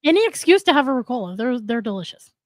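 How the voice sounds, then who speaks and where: A woman's voice: on the high side, big pitch swings, fast, a little mellow, no echo. A woman co-hosting a casual podcast, enthusiastic and swearing freely. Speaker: podcast co-host. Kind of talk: casual chat.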